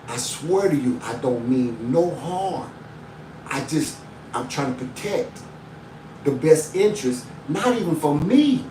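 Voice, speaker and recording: A man's voice: mid-range voice, darkish tone. Emphatic man, roomy distant sound. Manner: heartfelt, emphatic storytelling with blunt swearing. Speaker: livestreamer. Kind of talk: casual personal monologue. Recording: roomy sound from a distance, faint background noise.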